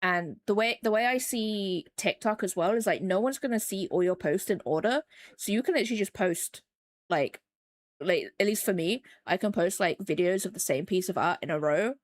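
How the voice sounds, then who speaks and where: A woman's voice: fairly low pitch, no room sound. A woman streamer chatting casually with her viewers while she paints, rambling along with lots of fillers. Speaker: streamer and digital artist.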